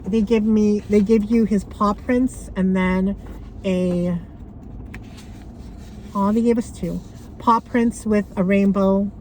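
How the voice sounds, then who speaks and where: A young woman vlogging to camera, soft and halting with many pauses and fillers, emotional and close to tears. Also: medium pitch, steady tone, slight background noise, poor audio. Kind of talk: personal vlog talking to camera.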